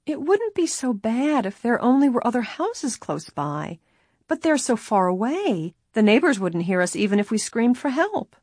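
A woman's voice: medium pitch, expressive, normal speed, few pauses, husky, no room sound, studio quality. A woman voicing a nervous, timid teenage girl in an audiobook, speaking in a worried, fretful way.

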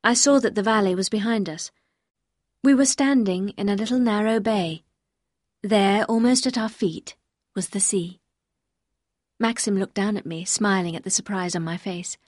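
A woman reading a novel aloud as first-person narrator, in a clear, measured storytelling manner. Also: medium pitch, no echo, studio quality. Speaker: audiobook reader.

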